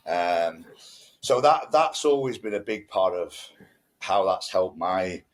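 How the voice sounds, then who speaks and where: A man's voice: low-pitched, lively intonation, slow. A man, co-hosting a podcast in casual conversation, telling stories bluntly with frequent swearing. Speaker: podcast co-host.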